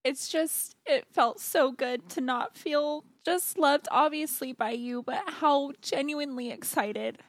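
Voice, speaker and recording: Slow, tender-voiced woman guest. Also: high voice, no echo. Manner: gushing, emotional, close to tears. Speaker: podcast guest, host's fiancée. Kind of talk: casual chat.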